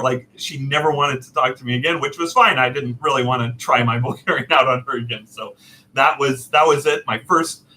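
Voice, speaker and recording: A man casually telling a personal story, animated and self-deprecating, laughing often. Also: mid-range voice, slight background noise, low-quality recording. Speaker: storyteller host.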